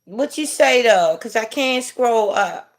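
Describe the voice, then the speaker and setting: A middle-aged woman hosting a casual livestream, chatting with viewers in a laid-back, drawn-out way and chuckling as she reads comments. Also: fairly high pitch, animated. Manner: laid-back, drawn-out delivery, chuckling while reading chat. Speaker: livestream host.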